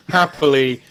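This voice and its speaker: A man's voice: mid-range voice, fairly bright tone, slight background noise. A man narrating as game master of a tabletop game, rambling and self-mocking with many fillers.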